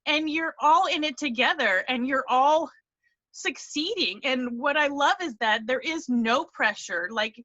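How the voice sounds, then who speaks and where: Speaking at a measured pace, a woman with a high-sitting, bright voice and forceful tone recounts her story as a team member on a video call. It's an emotional testimonial, earnest and near tears, full of rambling and restarts. The recording is muffled, with no room sound.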